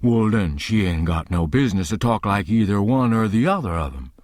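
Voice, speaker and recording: A man reading an audiobook and voicing a stubborn, earnest grown man who argues slowly and insistently in thick folksy dialect. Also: on the low side, animated, a little mellow, no echo, clean studio sound, close to an everyday voice. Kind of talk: audiobook character voice.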